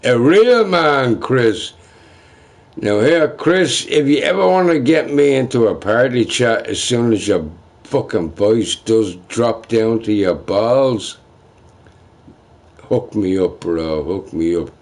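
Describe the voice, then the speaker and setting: Slow-talking, foul-mouthed male streamer. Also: mid-range voice, animated, a little mellow. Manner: profane, trash-talking, ranting. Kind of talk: livestream rant to chat.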